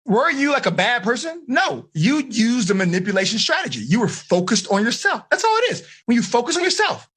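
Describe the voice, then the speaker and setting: A man running a live seminar for teenagers, energetic and asking the audience questions. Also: extremely high pitch, a little fast, hardly any pauses, husky. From United States. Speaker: teen life coach.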